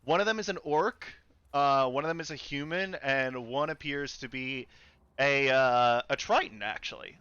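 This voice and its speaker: Bright, clear-voiced man running a game. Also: medium pitch, normal speed, dry recording. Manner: loose, casual, with many fillers and restarts. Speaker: game master. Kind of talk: narrating a tabletop game. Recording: dry, slightly dull home mic.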